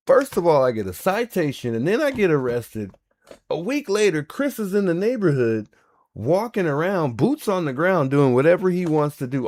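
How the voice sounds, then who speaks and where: A man's voice: on the high side, big pitch swings, normal speed. A man hosting a livestream, reacting in casual commentary and repeating himself in disbelief. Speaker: livestream host.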